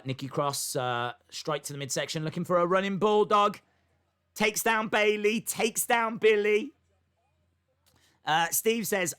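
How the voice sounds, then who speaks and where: Young guy doing live wrestling play-by-play, fairly high voice, reads out chat. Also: a bit bright, smooth. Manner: play-by-play calling, reads chat comments aloud. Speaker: wrestling stream host. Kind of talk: live watch-along commentary.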